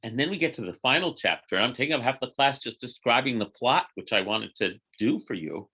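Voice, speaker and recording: A man's voice: medium pitch, a little fast, husky. Rabbi, middle-aged man, storytelling teacher; conversational, acts out the characters. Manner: animated storyteller, acting out quotes in lively voices. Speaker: rabbi teaching a Torah class. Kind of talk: informal Torah teaching.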